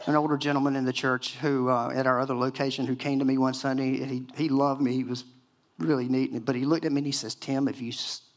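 A man in his sixties, a pastor preaching a sermon, telling stories in a lively, chatty way full of "you know"s. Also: medium pitch, fast. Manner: animated storytelling with many fillers and acted-out quotes.

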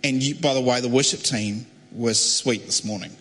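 A young man preaching a testimony, telling his story animatedly and acting out other voices, with a husky voice. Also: medium pitch, moderate pace. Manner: animated, acts out quoted voices. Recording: echoey hall with long reverb.

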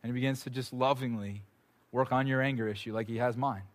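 A man's voice: medium pitch, steady tone, fast. Earnest man preaching in a casual way. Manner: earnest, informal, full of fillers and repeated phrases. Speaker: pastor. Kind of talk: casual conversational sermon. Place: room with a gathered audience.

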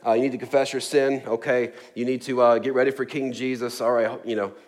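Man putting on a bold, bossy male prophet, brisk and hurried, moving people along fast. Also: medium pitch, little pitch movement, natural voice. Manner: brisk, bossy, hurried calls to the next person. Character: brusque, bold male prophet baptizing a crowd.

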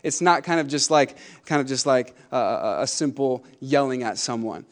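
A man in his thirties preaching a sermon to a congregation. He moves between hushed, conversational asides and fervent, emphatic declarations. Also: medium pitch, normal speed. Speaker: pastor.

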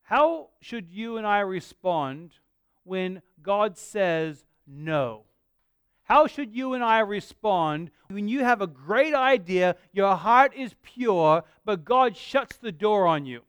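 A man from Australia, a pastor with an Australian accent worn toward American, preaching a sermon in an earnest, conversational way with dramatic pauses. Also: high voice, clean tone, no room sound. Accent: Australian mixed with American.

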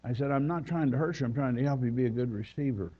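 A man's voice: mid-range voice, fast, breathy edge, lo-fi sound. A man preaching as a visiting minister, telling folksy stories and reading scripture aloud. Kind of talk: sermon.

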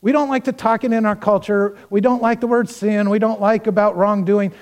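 A man's voice: sits high, steady tone, fairly quick, few pauses. A male pastor preaching a sermon, telling a parable with acted-out dialogue and speaking earnestly and directly to the congregation. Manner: storytelling with acted-out dialogue, swinging between loud and hushed.

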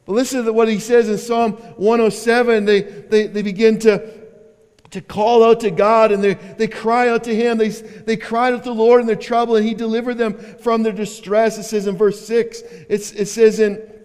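A man preaches a sermon in a high, smooth voice. He repeats himself as he builds, with sudden loud calls and quiet asides. The sound carries a long hall reverb. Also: level tone, moderate pace. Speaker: pastor.

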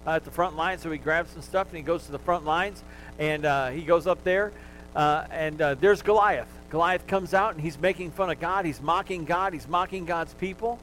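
A man's voice: fairly high pitch, moderate pace, fairly bright tone, slight background noise, low-quality recording. A male pastor preaching a sermon, talking to the congregation in a conversational way and joking with them.

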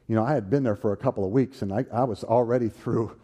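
A man preaching and telling his own story, swinging from loud, animated bursts to hushed, tender tones. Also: fairly low pitch, quick pace. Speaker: preacher giving a personal testimony. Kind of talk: sermon storytelling.

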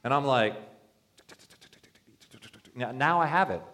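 A man's voice: mid-range voice, lively intonation, takes it slowly, fairly bright tone. A male pastor preaching a sermon in a conversational, joking way, acting out quoted voices.

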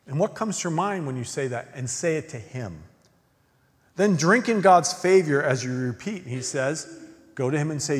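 A man preaching a sermon as pastor, earnest, swinging from emphatic questions to hushed, near-whispered lines. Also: on the high side, expressive, moderate pace. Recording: long reverb of a large hall.

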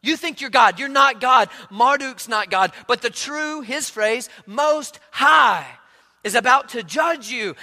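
A male pastor with an unusually high, bright, ringing voice, telling a story in a loose, conversational way and often repeating his words. His voice carries a long hall reverb, as if he is preaching in a large church. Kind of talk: sermon.

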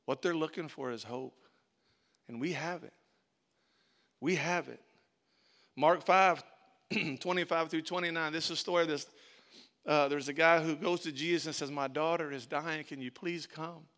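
A man with a high, bright voice preaches to his congregation. He repeats key phrases and builds emphasis as he goes. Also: normal speed, long pauses. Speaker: pastor. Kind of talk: sermon.

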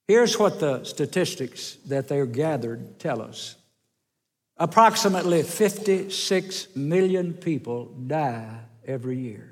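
A pastor preaches a sermon in a church sanctuary, telling folksy stories while his voice swings widely in pitch and loudness. The recording carries the long reverb of a church hall.

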